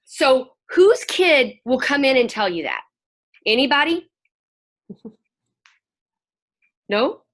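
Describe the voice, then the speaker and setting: A woman's voice: sits high, big pitch swings, slow, pauses often. A middle-aged woman counselor and play therapist speaking to a moms' group over a video call, chatty and folksy, sometimes acting out children's voices.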